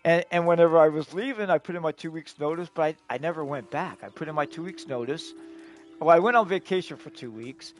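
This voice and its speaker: A man's voice: a little high, brisk, soft background music. A middle-aged man telling stories casually on a live stream, rambling and profane, often chuckling.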